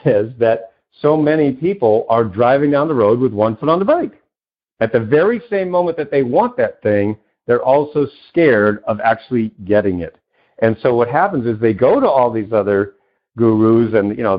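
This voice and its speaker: A man, a podcast guest and success coach, telling stories in an animated, loose way and acting out the people he quotes. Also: mid-range voice, normal speed, lo-fi sound. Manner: loose, with many "you know" fillers. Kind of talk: conversational interview storytelling.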